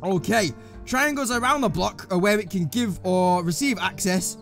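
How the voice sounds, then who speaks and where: Guy in his 20s rambling through a game, swears a bit, high lively voice, faint music. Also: moderate pace, creaky. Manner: rambling, jokey, swears casually. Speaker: gaming channel host. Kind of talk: let's play commentary.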